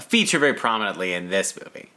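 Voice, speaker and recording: Lively bright-voiced man chatting about film. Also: low-pitched, quick pace, a little hiss or hum. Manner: animated, chatty, slips into playful put-on voices; draws on his acting experience. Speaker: podcast co-host. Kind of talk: casual film discussion.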